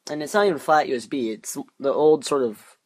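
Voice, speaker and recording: A man's voice: on the high side, expressive, fairly quick. A man chatting casually while unboxing off camera, rambling and muttering to himself as he fumbles, recorded by a camera on a tripod. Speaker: unboxing vlogger.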